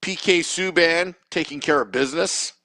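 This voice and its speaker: A man's voice: a little high, normal speed, pushed and bright, no room sound, rough recording. A man co-hosting a podcast, talking in a rambling, opinionated way with many restarts. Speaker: podcast co-host. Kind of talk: casual sports chat.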